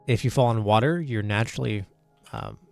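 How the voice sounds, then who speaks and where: A man's voice: fairly low pitch, brisk, vocal fry, a little mellow, no room sound. A man running a tabletop game and laying out the rules casually, full of "uh" and "like". He is recorded dry and close, with faint music underneath. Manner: explains rules loosely with many fillers. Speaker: game master.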